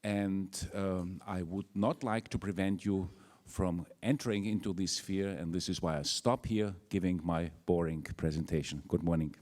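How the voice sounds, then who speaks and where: A man's voice: low voice, steady tone, moderate pace, hardly any pauses, a little mellow. An older man with an Austrian German accent gives a formal welcome speech as a university rector, hesitant and full of fillers. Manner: hesitant, with many fillers and restarts.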